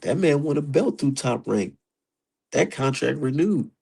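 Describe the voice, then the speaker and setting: A man's voice: mid-range voice, measured pace, gravelly, slightly rough, low-quality recording. A man streaming live, giving casual, profane commentary and talking straight to his chat. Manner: profane, animated, talks to chat.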